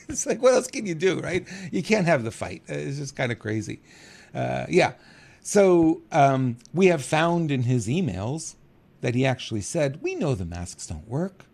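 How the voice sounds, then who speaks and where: A middle-aged man talking in a casual monologue as a podcast host, animated and chuckling, acting out quotes. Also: vocal fry. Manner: animated, acts out quotes with big pitch jumps, chuckles.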